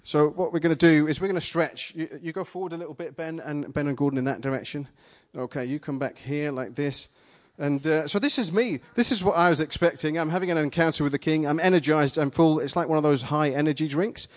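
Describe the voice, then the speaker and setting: A man preaching a sermon, retelling a vision in the first person, dramatic at first and then playful and energetic with volunteers in front of a live congregation. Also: on the high side, a little fast, hardly any pauses. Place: church gathering with a live audience.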